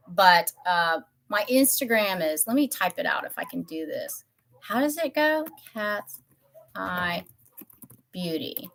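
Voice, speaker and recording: Speaking at medium pitch with a slightly bright tone, a Tennessee-raised beauty channel host in her fifties chats on a casual livestream. Her talk wanders, and she keeps fixing her sentences partway through.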